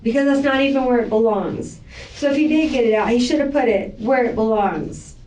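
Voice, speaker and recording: A woman's voice: on the high side, brisk, darkish tone, far from the mic, a little hiss or hum. A woman under police questioning, talking in a rambling, defensive way as she vents. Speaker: suspect in police interview. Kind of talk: police interrogation. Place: police interview room. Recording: echoey room, voice from afar.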